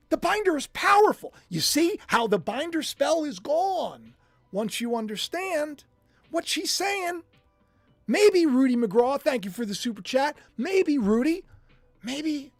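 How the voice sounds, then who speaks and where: A man hosting a live stream, reacting to news clips in a mocking, animated way and humming as he thinks aloud. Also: high-pitched, dry recording. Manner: animated and mocking, muses aloud with drawn-out hums. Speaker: livestream host.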